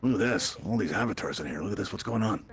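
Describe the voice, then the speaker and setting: With a fairly low voice, lively intonation, and vocal fry, a Brooklyn man speaks fast while hosting a live virtual reality tutorial over crowd noise. He's a talkative, joking instructor who keeps asking listeners "right?"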